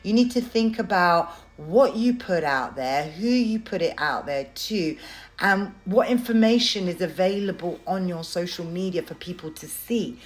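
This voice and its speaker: A woman's voice: lowish voice, lively intonation, a little slow. Blunt, sarcastic woman vlogger. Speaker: content creator. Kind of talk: casual story-time vlog.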